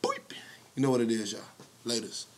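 A man's voice: medium pitch, huge pitch swings, brisk, noisy background. A man hosting a reaction video, chatting casually in a laid-back slangy way. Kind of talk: casual chat.

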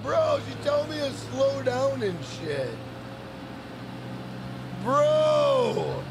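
A man's voice: extremely high pitch, unhurried. A young man giving casual let's play commentary, profane, hot-tempered and rambling as he reacts to the game. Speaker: gaming streamer. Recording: steady background noise.

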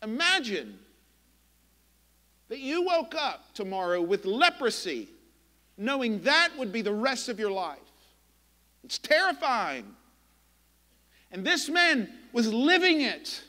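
A man preaching a sermon as pastor, impassioned and emphatic, with dramatic pauses. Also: extremely high pitch, big pitch swings, pushed and bright, in a large hall. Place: church sanctuary.

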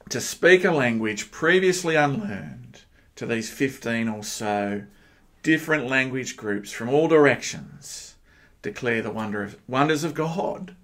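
An Australian man preaching a sermon, animated and emphatic, firing rhetorical questions at his listeners. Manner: animated, with sudden jumps in pitch and loudness. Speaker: pastor.

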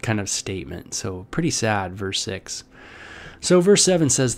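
A man's voice: fairly low pitch, lively intonation, moderate pace. A man giving a casual, conversational Bible devotional. He reads scripture aloud and comments on it with many fillers. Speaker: Bible teacher.

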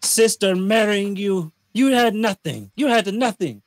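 A man's voice: high voice, animated, measured pace, no echo, voice pushed up. A man putting on a bitter Irish man scorning his in-law, in a put-on Irish accent, as a joke in a casual review chat. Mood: scornful.

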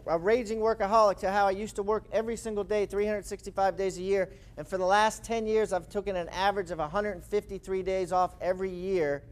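High-voiced man telling a lively story. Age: 40s. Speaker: speaker and author. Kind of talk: storytelling talk.

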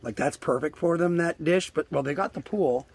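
Vocal fry and a slightly rough quality mark this older man's high-leaning voice, delivered at normal speed. Standing by a trailer near the woods, he narrates a casual vlog, rambling, swearing occasionally, and coaxing animals with evident fondness.

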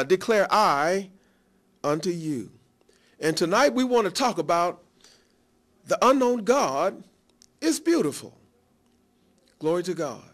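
A man preaching a sermon, often breaking in with "Glory to God" and acting out small everyday scenes to make his point. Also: sits high. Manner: repeats "Glory to God" between points, acts out little scenes.

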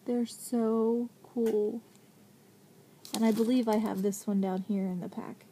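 Gushing, excitable woman unboxing crafts. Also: on the high side, slow, a little hiss or hum. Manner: gushing, excitable, keeps thanking the sender. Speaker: vlogger unboxing craft mail. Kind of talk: casual unboxing chat.

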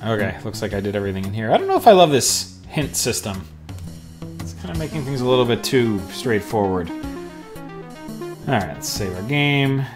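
A man's voice: mid-range voice, big pitch swings, normal speed, music in the background. A male podcast host playing an adventure game, making offhand, wry comments and reading the game narration aloud. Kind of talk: casual let's-play commentary and reading game text aloud.

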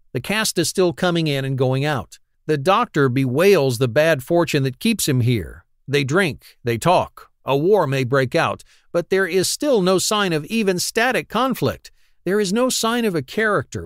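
A man gives a scripted audiobook narration in a wry, analytical tone. His pitch moves a lot. The sound is dry and close. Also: a bit bright, no room sound.

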